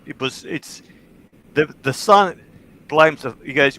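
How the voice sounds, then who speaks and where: A man with a slightly high voice hosts a livestream in casual chat. He tells stories bluntly and swears freely, and his talk rises into animated bursts. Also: takes it slowly, poor audio. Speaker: livestream host.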